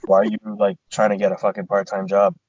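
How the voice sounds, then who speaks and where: A man's voice: lowish voice, fast, gravelly, slightly rough, dry recording. Man, podcast co-host, casual storytelling, heavy swearing, dry room, muffled lo-fi audio. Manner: swears a lot, animated retelling with quoted dialogue.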